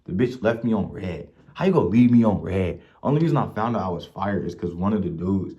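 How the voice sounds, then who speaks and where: A young man from Ohio vlogging, telling profane, animated stories about his life and acting out the people in them. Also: low-pitched, fairly quick. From Mansfield, Ohio. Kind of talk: casual storytelling rant. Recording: dull lo-fi recording.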